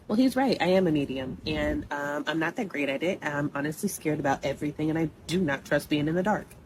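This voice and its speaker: A young woman telling a personal story in a blunt, animated, conversational way, full of asides to the listener. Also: low-pitched, brisk, noisy background.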